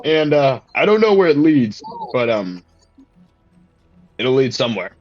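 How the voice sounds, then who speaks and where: Brief: a man doing a tired soldier, mid-pitched, slightly dull audio with faint music. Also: big pitch swings. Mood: weary. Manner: halting, full of fillers. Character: weary soldier, lone survivor.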